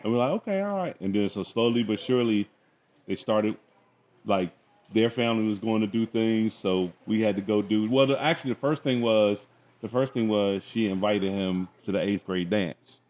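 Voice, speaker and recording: A middle-aged man co-hosting a casual chat, telling stories in a relaxed way and acting out family dialogue. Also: lowish voice, normal speed. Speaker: podcast co-host.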